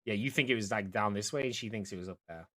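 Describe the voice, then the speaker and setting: A young man narrating as dungeon master of a tabletop game, halting and full of fillers. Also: lowish voice, sharp tone. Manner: hesitant, many fillers and restarts.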